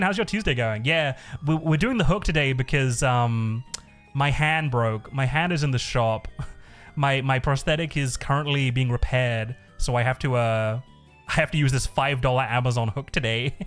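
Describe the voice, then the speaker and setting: A man's voice: medium pitch, fairly bright tone. A man streaming live, chatting casually in a rambling way, swearing a lot and laughing often.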